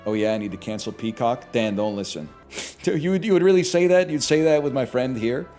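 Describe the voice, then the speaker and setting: A man's voice: medium pitch, fairly quick, soft background music. A man from Canada chatting live on his stream, ranting and swearing at his chat. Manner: animated, profane ranting to chat.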